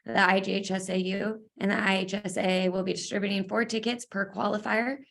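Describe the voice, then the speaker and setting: Woman going over schedules on a webinar, pretty monotone, voice a bit worn out. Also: medium pitch, fairly quick, gravelly. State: slightly losing her voice. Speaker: athletic association staff. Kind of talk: informational webinar briefing. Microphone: video call.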